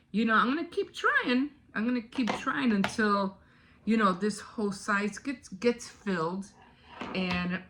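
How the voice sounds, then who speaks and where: A woman's voice: on the low side, fairly bright tone. An older woman chatting casually in a vlog, telling stories with frequent laughs and restarts. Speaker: vlogger. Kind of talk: casual chat.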